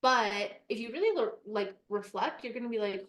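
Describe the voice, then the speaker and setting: A woman's voice: on the high side, lively intonation, moderate pace, fairly bright tone, echoey room. A young woman co-hosting a podcast in encouraging, casual chat with offhand swearing. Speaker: podcast co-host.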